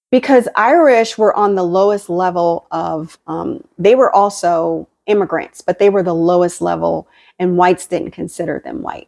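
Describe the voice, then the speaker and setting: A woman's voice: on the low side, a little mellow. Woman host of a home cooking vlog, casual film recap, loose and rambly, backtracks a lot. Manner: rambling, filler-heavy, backtracks and self-corrects. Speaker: cooking vlogger.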